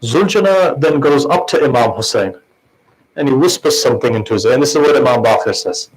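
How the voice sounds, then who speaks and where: A man's voice: mid-range voice, animated, brisk, husky, low-quality recording. A man giving a mourning sermon in an impassioned, conversational way, often putting questions to his listeners. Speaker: preacher.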